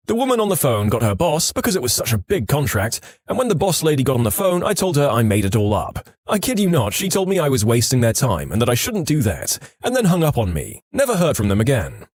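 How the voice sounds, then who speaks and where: A male narrator reads out stories with a lively, bouncing intonation and a wry edge. His voice is mid-pitched and sits close and dry on the mic, with almost no room sound. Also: fast talker, few pauses, dry recording. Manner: lively, expressive storytelling with wry delivery. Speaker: story narrator. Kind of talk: scripted narration of online stories.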